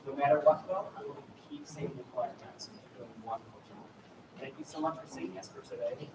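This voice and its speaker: A man's voice: medium pitch, very animated, fast talker. A man coaching a choir in rehearsal, upbeat and encouraging, demonstrating vocal sounds as he directs the singers. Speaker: choir clinician. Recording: echoey hall, distant mic, loud ambient noise.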